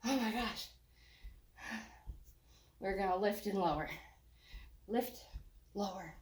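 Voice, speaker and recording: A woman's voice: medium pitch, slow pace, a little mellow, echoey room. An older woman leading a walking workout. She is out of breath, jokes, and sighs between her encouraging cues. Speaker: fitness instructor.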